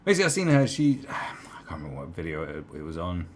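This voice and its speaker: A man with a very low voice rambles through sarcastic opinion commentary, circling back with fillers and asides. His recording carries a faint hiss underneath. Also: wildly swooping pitch, quick pace.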